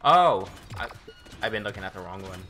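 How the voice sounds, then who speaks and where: Hyped up guy narrating his gameplay, bragging a lot, bright tense voice. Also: lowish voice, fairly quick, soft background music. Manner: excitable and boastful. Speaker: gaming YouTuber. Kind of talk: live gameplay commentary.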